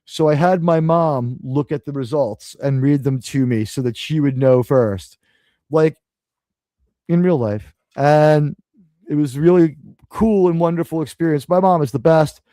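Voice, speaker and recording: A New York City man hosting a live stream rambles loosely in a casual rant, swearing freely and turning sarcastic. His voice is fairly high for a man, mellow and measured in pace, and the recording is close and dry with no room sound.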